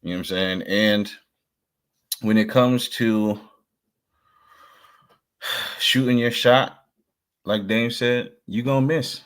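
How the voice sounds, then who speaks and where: Earnest low-voiced man giving advice. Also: fairly even intonation, slow, long pauses, a bit bright, clear, resonant tone. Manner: earnest, preachy advice with repeated "you know what I'm saying". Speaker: podcast co-host. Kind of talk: casual podcast chat.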